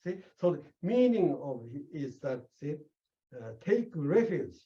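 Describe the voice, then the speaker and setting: A man's voice: a little high, big pitch swings, a little slow, warm tone. A man teaching a Buddhist sutra in an emphatic lecturing manner, often checking understanding with "okay?" and "see?". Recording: dull lo-fi recording.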